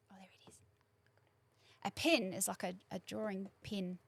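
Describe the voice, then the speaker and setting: A woman's voice: mid-range voice, steady tone, moderate pace, creaky, long pauses, breathy edge, no room sound. A woman in her forties from New Zealand with a New Zealand accent, chatting as a guest in a rambling way with many fillers. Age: 40s. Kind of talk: casual chat.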